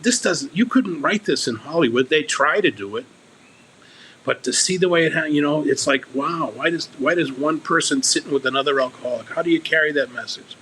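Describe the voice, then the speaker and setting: A man's voice: a little high, brisk, a bit bright, slight background noise, poor audio. A man speaking as a guest on a recovery podcast, earnest and candid, often restarting and repeating his words.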